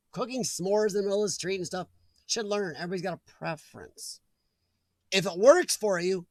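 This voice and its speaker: A man with a rather high voice chats casually on a live stream from home, rambling between topics, greeting viewers and reading out their comments. Recorded on a desk mic, the sound is dry and close with no room sound.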